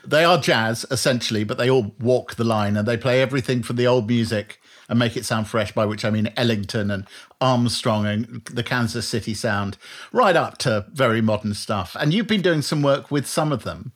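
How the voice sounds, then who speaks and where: A man's voice: medium pitch, moderate pace. Chatty man hosting an interview. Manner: chatty, wry and probing. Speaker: interview host. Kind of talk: conversational interview.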